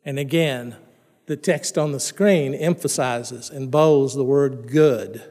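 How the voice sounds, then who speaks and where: A middle-aged pastor with a slow, slightly mellow mid-range voice preaches a conversational sermon. He repeats and restarts words and asks his listeners questions, with long reverb from a large hall.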